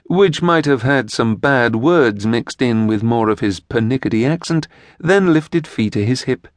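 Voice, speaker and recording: Male audiobook narrator, expressive, middle pitch, dead-dry studio mic. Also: moderate pace, few pauses, dry recording. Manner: expressive storytelling. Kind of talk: scripted narration.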